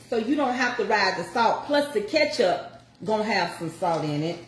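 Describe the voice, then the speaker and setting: A woman's voice: mid-range voice, roomy sound, a little hiss or hum. An older woman chatting folksily to viewers as she walks through a home recipe. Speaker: home cook showing a recipe. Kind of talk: casual cooking chat.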